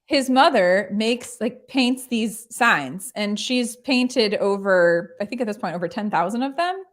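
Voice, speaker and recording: A woman's voice: mid-range voice, animated, a little slow. A woman hosting a casual livestream chat, bubbly and chatty, filling her talk with "like". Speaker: show host.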